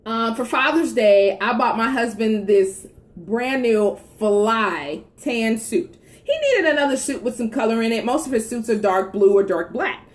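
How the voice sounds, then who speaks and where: A woman telling a story about her husband in a casual live-stream chat, animated and laughing, talking straight to her viewers. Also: fairly high pitch, unhurried, hardly any pauses. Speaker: wife co-hosting a live stream. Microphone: phone.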